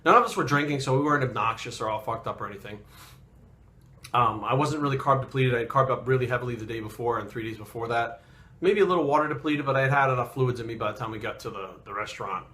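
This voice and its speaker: A man's voice: mid-range voice, fast talker, bright, forceful tone. A man telling a story in casual talk, blunt and profane, getting heated as he goes. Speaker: fitness coach and bodybuilder.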